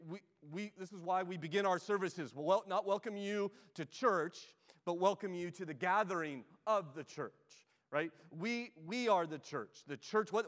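A male pastor delivering a sermon in a conversational way, his voice sitting high for a man. He often repeats words and checks in with the listeners. The sound carries a long church reverb. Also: a bit bright. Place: church sanctuary.

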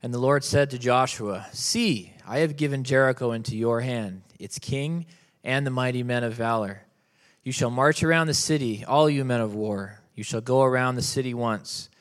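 Man with a mid-pitched voice reading scripture, measured and even. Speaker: congregation member reading scripture.

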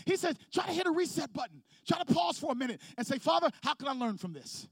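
Man, pastor, high-pitched voice, dry recording, call-and-response sermon. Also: animated, fast talker, few pauses, a bit bright, no echo. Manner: preaching with call-and-response and rising intensity. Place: church sanctuary with congregation.

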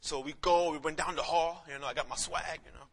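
A young man preaching a sermon in a lively storytelling way, with casual slang and many quick restarts. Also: on the high side. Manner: animated storytelling, slips into quoted voices, frequent restarts.

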